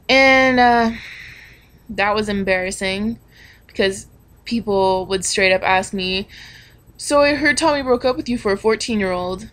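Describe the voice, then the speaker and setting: A young female vlogger with a medium-pitched, fairly bright voice shares a personal story. She's frank and confessional, swears freely, and peppers her speech with ums and likes.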